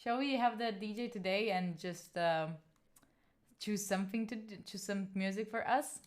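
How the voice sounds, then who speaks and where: On her live stream, a young Italian woman in her twenties talks to viewers in accented English, mid-range in voice and moderate in pace. She's animated and straightforward, swears freely, and reads and answers the chat.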